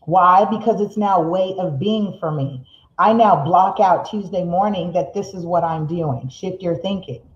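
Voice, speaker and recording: A middle-aged woman hosting a live motivational show, seated, speeding up when excited and slowing to make a point, reading viewer comments aloud. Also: fairly low pitch. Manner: reads viewer comments aloud, laughs often. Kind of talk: live-streamed motivational talk. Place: seated indoors in a room. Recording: roomy, slightly dull live-stream audio.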